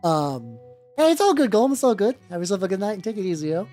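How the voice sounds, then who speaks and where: This streamer's voice is medium-pitched and sing-song, quick and dark in tone. She paints as she hosts a laid-back livestream, wandering between topics, cursing a lot and frequently starting over. Soft music can be heard behind her.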